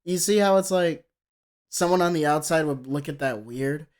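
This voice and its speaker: Man ranting through a live reaction. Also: normal speed. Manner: heated, profane ranting with sudden jumps in pitch; mocking quoted voices. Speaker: streamer reacting to music videos. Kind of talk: live-stream reaction commentary.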